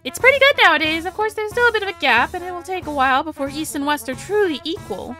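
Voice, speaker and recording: A woman's voice: lively intonation, fast talker, pushed and bright, soft background music, exaggerated voice. Woman doing a bubbly, nosy young tourist woman. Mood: chatty. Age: 20s. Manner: bubbly, high and prying.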